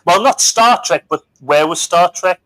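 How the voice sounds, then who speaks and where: A man's voice: high-pitched, lively intonation, a little slow, pushed and bright, dry recording, poor audio. A man hosting a live stream chat, teasing and jokey. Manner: teasing, jokey, mimics others. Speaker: livestream host. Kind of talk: casual chat.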